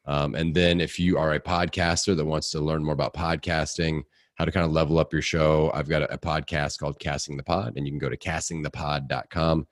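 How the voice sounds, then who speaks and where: A man's voice: very deep voice, fairly quick, hardly any pauses, no room sound, studio quality. A middle-aged man from Indiana with a Midwestern accent, chatting as an upbeat podcast guest and coach. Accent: Midwestern American (Indiana). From Indiana, USA. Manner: energetic, upbeat, acts out quotes. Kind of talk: casual interview chat.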